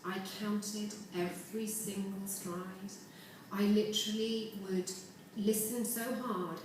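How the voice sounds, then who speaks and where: A woman's voice: mid-range voice, little pitch movement, slow pace, slight background noise. A woman giving an earnest, reflective personal speech as an award speaker. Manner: earnest, reflective, with warm laughter. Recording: echoey hall from far off.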